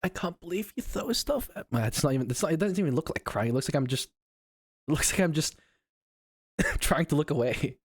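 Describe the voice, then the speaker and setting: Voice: medium pitch, expressive, a little fast, breathy edge, no echo. A VTuber streamer chatting casually on a live stream, laughing a lot and swearing often. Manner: giggly, swears often, reacts out loud.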